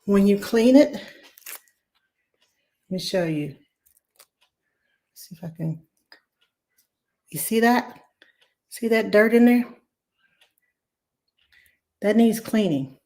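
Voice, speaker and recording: A woman, hoarse from laryngitis, chatting warmly as she hosts a live cooking demo and greets viewers by name. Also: mid-range voice, animated, slow pace, long pauses. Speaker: cooking show host.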